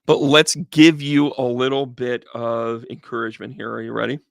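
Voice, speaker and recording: A man's voice: medium pitch, level tone, normal speed, vocal fry, dry recording, studio quality. A man giving a chatty, upbeat live tarot reading, talking straight to viewers by name. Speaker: tarot reader.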